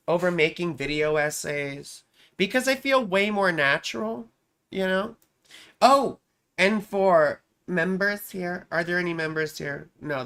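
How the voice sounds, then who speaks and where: Her lowish voice has a slight brightness as she runs a casual astrology live stream. She chats in a self-amused way, circling back over her own phrases and adding "right?" along the way.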